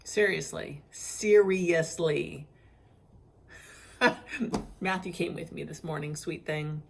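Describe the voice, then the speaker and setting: A woman's voice: sits low, measured pace, vocal fry, a little hiss or hum. A middle-aged woman telling a frustrating story in a casual vlog. She is worn out from crying and acts out the other people's lines as she goes. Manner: animated, acts out others' lines in quoted voices. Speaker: vlogger sharing her cancer journey.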